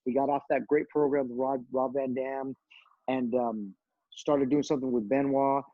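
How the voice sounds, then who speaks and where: A middle-aged man, a guest on a podcast, telling backstage stories in a casual, animated way and acting out what others said. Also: mid-range voice, normal speed, no echo, narrow, tinny audio. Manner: animated storyteller, acts out quoted voices, many fillers. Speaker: guest, retired pro wrestler. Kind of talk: casual storytelling interview.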